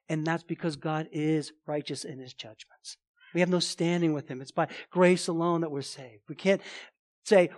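A man preaching a sermon as pastor, emphatic, with rhetorical questions and casual asides. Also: on the high side.

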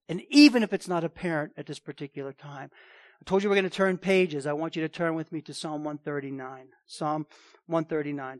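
A man preaching a sermon, emphatic, repeating key phrases and swinging between loud and hushed delivery. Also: a little high, no room sound. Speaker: pastor.

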